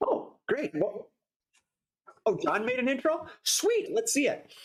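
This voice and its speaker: A man's voice: unhurried, husky. A man hosting a short-form improv comedy show, announcing games and anchoring a mock newscast. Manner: lively, leaps up in pitch when excited.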